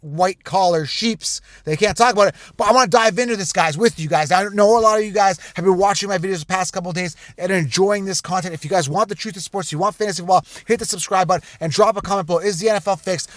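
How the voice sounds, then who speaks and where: Male sports host with a raised pitch, recorded dry and close, ranting casually to camera. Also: fast, few pauses, no room sound. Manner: animated, conspiratorial, repetitive asides. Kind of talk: casual direct-to-camera rant.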